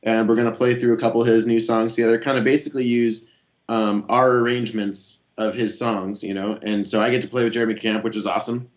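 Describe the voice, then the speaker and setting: A man being interviewed as a guest guitarist, talking in a relaxed, rambling way with many fillers and restarts. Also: on the low side, fast. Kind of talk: casual interview chat.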